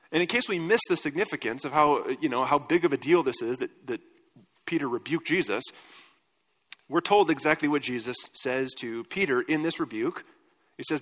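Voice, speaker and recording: A man's voice: on the high side, normal speed, a bit bright. Conversational man preaching in a reverberant hall. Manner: conversational preaching with fillers and questions to the congregation. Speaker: pastor. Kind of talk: sermon.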